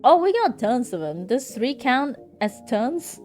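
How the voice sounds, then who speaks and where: A woman's voice: high voice, sing-song, measured pace, darkish tone, faint music behind, pitched above the performer's own voice. A woman voicing a cheerful male rodeo clown working a circus ticket booth, with a folksy drawl and forced salesman cheer. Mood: salesy cheer.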